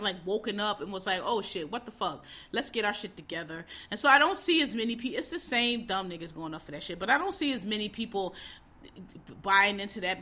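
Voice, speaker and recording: A woman host ranting in a casual, profane, exasperated way, swinging between loud outbursts and low muttering. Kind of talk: casual opinion rant.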